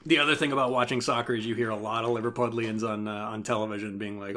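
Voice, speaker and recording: A man co-hosting a casual podcast chat, animated and blunt, swearing and laughing often. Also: on the low side, fast talker. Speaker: podcast co-host.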